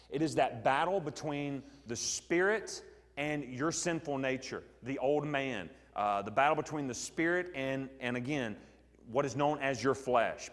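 A middle-aged Southern American pastor giving an evening Bible teaching from the pulpit, his voice at an ordinary pitch for a man. He talks conversationally, stopping to quiz the congregation, with plenty of ums. The sound hangs in a church sanctuary with a long reverb tail. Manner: conversational, asks the congregation questions, frequent ums.

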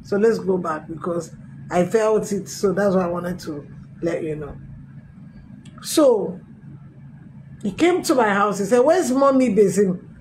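A middle-aged woman pastor, telling her testimony in a sermon with emphatic, animated storytelling. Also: mid-range voice, a little slow, long pauses, a little hiss or hum, poor audio. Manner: storytelling with acted quotes, emphatic swings. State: recovering from a tooth extraction.

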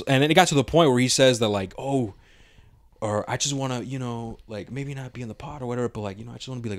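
Low-voiced young man, casual slangy storytelling. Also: no echo, clean studio sound. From Mexican-American. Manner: loose, rambling storytelling with heavy slang and swearing. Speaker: podcast co-host. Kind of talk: casual podcast chat.

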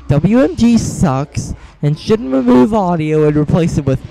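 A man's voice: high-pitched, lively intonation, unhurried, vocal fry, heavy background noise. A man ranting indignantly to his own webcam at home, scornful and calling things stupid again and again. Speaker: channel host. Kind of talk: webcam rant. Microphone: small webcam.

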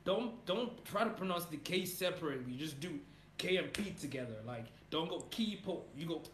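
A man hosting and playfully coaching pronunciation, laughing, patient, demonstrating sounds slowly. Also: fairly high pitch, animated, fairly bright tone. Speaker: host coaching name pronunciation. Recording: roomy echo with background noise.

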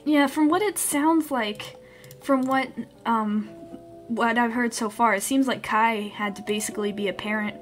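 A woman streamer chatting casually and reacting aloud as she plays a story game. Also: mid-range voice.

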